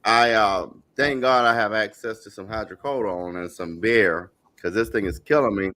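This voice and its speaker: A man with a lowish voice joins a panel and talks casually despite a toothache. He teases the others and jokes freely. His delivery is loose and conversational. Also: moderate pace, pushed and bright. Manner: joking, boisterous banter. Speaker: guest panelist. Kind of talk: casual chat.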